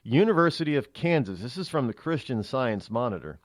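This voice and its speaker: A man's voice: medium pitch, sing-song, fairly quick, no echo. A man hosting a talk radio show, delivering a rambling, opinionated monologue into a studio microphone.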